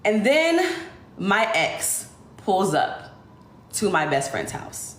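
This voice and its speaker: A woman livestreamer telling an emotional personal story in an animated, rushing way. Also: medium pitch, echoey room. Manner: animated, speeds through dramatic retelling. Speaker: influencer livestreamer.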